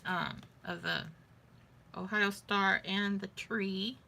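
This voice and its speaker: A woman's voice: mid-range voice, little pitch movement, slow, creaky, bright, forceful tone. A woman vlogging in a casual, rambling way, thinking aloud as she shows her beadwork. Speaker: vlogger showing beading crafts. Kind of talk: casual chat.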